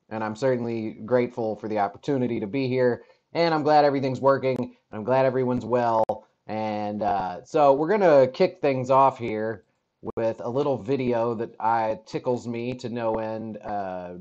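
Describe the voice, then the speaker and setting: A man's voice: mid-range voice, darkish tone, muffled recording. A man hosting a podcast live, talking casually in a rambling, wry, self-deprecating way. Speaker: podcast host.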